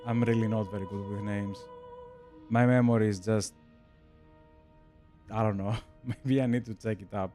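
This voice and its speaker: A man's voice: fairly low pitch, fairly even intonation, normal speed, long pauses, warm tone, faint music behind. A young man from Greece with a Greek accent, streaming a strategy game and chatting casually with viewers, laughing often. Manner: chatty, laughs often, addresses chat as "bro". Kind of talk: casual chat while gaming.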